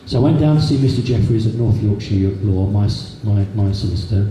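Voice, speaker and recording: A man's voice: on the low side, brisk, warm tone, distant mic. A man giving an anecdotal public talk to an audience, in a chatty storytelling way with repeated words. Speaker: guest speaker. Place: meeting hall. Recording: echoey hall from a room recorder, faint noise.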